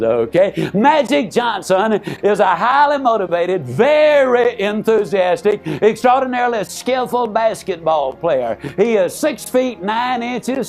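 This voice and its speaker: An older man works a seminar crowd. His voice sits high, and he talks in an emphatic, folksy way. Faint music plays behind the live talk. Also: a little mellow. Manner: emphatic, folksy, addresses the audience directly. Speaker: motivational speaker. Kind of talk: motivational seminar speech.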